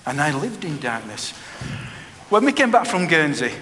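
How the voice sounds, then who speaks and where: Middle-aged male preacher, earnest and repetitive, slightly high voice in a reverberant hall. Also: very animated, normal speed, pushed and bright. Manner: earnest, plain-spoken, with frequent repetition. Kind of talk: personal testimony sermon. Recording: reverberant hall with faint background noise.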